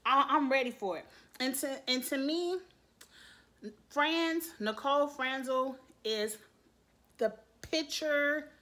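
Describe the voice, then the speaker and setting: In a high, sharp voice, a woman delivers a blunt, sassy, profane rant recapping a reality show. She swears freely and laughs between her points.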